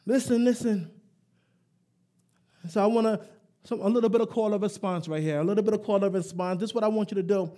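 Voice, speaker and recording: A man preaching a live sermon, emphatic and rising to shouts, leading call and response and joking with the congregation. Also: high-pitched, fast, pauses often.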